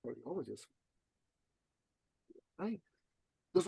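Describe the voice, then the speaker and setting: Podcast guest, male, slightly high voice, emphatic and slangy, acts out dialogue, dry close sound. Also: a little fast, pauses often, a little mellow, slightly rough, no echo. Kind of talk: animated storytelling.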